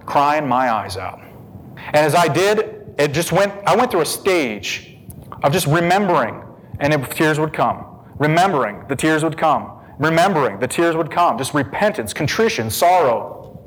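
A man's voice: a little high, long reverb tail, low-quality recording. Man telling an emotional testimony. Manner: emotional storytelling, swings from hushed to excited. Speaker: speaker giving testimony. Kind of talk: personal testimony.

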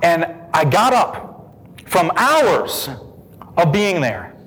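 A man recounting a personal testimony with strong feeling. His voice sits a bit high and swings widely in pitch, dropping hushed and slow in quiet moments and rising fast and loud when excited. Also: big-room sound, slight background noise, rough recording. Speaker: speaker giving testimony.

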